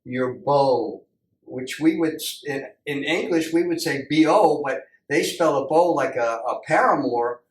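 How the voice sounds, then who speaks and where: A man's voice: fairly high pitch, measured pace, recorded from a distance. A man co-hosting a casual question game, rambling and hedging his guesses. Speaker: co-host. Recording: roomy sound from off-mic.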